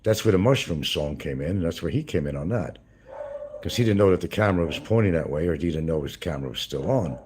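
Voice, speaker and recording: A man's voice: sits low, animated, fast talker, noisy background. A man hosting a livestream, rambling through crude gossip with swearing and chuckles. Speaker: livestream host. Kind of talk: casual livestream commentary.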